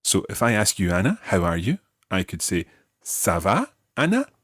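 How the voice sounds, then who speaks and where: A man guides listeners through a beginner language lesson, speaking patiently and clearly. His lowish voice moves lively through its range, with a slightly husky edge on a dry, close studio mic. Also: normal speed, no echo. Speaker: language teacher.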